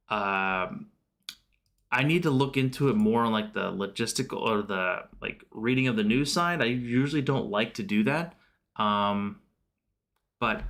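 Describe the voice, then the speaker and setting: Answering questions from his viewers, a livestream host chats informally about stocks in a medium-pitched, slightly bright voice. His talk is relaxed and rambling, packed with fillers and moments where he corrects himself.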